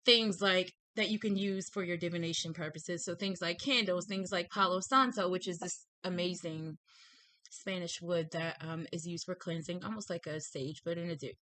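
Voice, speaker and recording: A woman's voice: lowish voice, moderate pace, sharp tone, no room sound. A woman with a lisp hosting a spiritual reading channel, bubbly and effusive, a bit tongue-tied as she chats through announcements. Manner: bubbly, effusive, repeats herself. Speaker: tarot reader and channel host. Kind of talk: chatty intro to a reading video.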